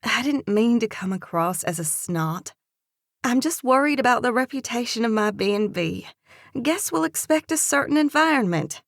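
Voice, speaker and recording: A woman narrating a first-person romance audiobook with an expressive, lively character reading. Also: on the high side, normal speed, no room sound, studio quality.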